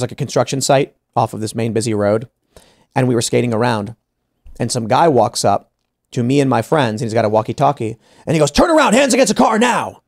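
A man hosting an opinionated podcast discussion in a studio. His mid-pitched voice is gravelly, with frequent vocal fry. He argues his point with many restarts and breaks into voicing other people. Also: darkish tone. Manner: argumentative, many restarts, acts out quoted people. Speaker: podcast host. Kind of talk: opinionated panel talk.

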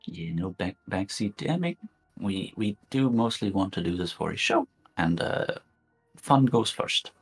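Male game master, husky and low, easygoing, cusses freely. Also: expressive, measured pace. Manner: laid-back, swears casually, laughs often. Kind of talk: casual chat introducing players.

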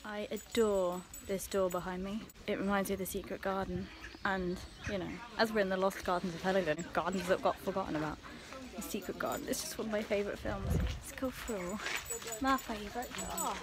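A woman's voice: mid-range voice, steady tone, fairly quick. A young woman vlogging outdoors, chatting casually and giggling at herself while she walks. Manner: chatty, giggly, self-mocking. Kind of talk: casual vlog narration while walking. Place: outdoors in gardens and fields. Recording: noisy outdoor recording.

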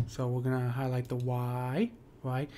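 A man's voice: medium pitch, level tone, unhurried, warm tone, slight background noise. A man walking through a poem's meter in a casual screen-share lesson, with lots of fillers and "right?" checks. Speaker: poetry teacher.

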